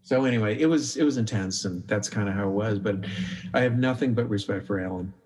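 A man's voice: lowish voice, a little fast. A middle-aged man, a documentary filmmaker, talking casually in a podcast interview, telling stories and acting out his own thoughts, with many restarts. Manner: animated storyteller, acts out his own inner voice; frequent restarts and filler "like".

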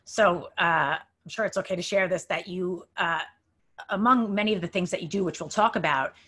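A woman hosting a casual interview who is warm, encouraging and enthusiastic toward her guest. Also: lowish voice, moderate pace, slightly rough. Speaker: interview host.

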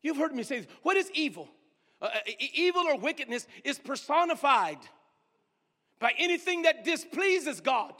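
A man in the pulpit, a pastor, preaching with call-and-response, fervent repetition, hushed whispers and rising shouts. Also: very high voice, big pitch swings, moderate pace, big-room sound. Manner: drops to hushed whispers for emphasis; fervent, repeats phrases. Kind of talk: sermon. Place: church sanctuary.

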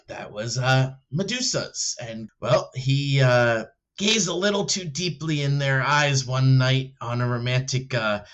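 A man playing a tabletop game who tells in-character stories in a rambling way, with many fillers, laughing, and higher voices for other characters. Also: measured pace, few pauses, fairly bright tone, highs cut off. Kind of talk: in-character role-play storytelling.

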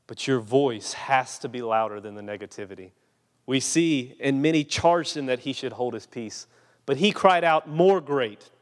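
A man preaching a sermon, dramatic and insistent, firing off rhetorical questions and acting out the scripture he quotes. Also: mid-range voice. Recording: long reverb in a large hall.

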